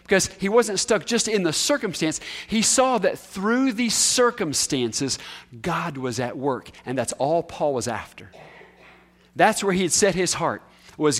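Man, preacher, sermon, high-pitched, emphatic, conversational, dips to quiet lows. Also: animated, a little slow. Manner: emphatic, swings from raised highs to hushed lows; conversational, asks the listeners questions.

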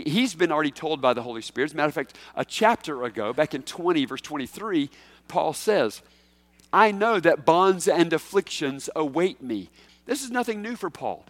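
A man preaching a sermon as senior pastor, shifting between slow emphatic phrases and quick asides, with sudden loud, high bursts when he voices a quoted figure. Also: no echo.

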